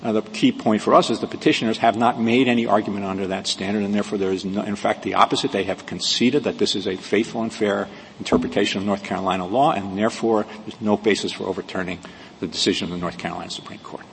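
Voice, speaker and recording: A man arguing a case as an advocate in a courtroom, measured and precise, with frequent restarts. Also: lowish voice, steady tone. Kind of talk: courtroom oral argument. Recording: reverberant courtroom audio with faint hiss.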